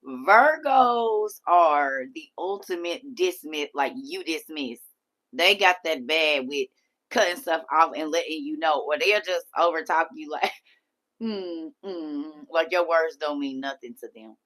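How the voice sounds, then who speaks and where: A middle-aged woman with a low-sitting voice hosts a livestream, speaking a little slowly. She's animated, laughs often, and reads and answers chat comments, talking back to her viewers.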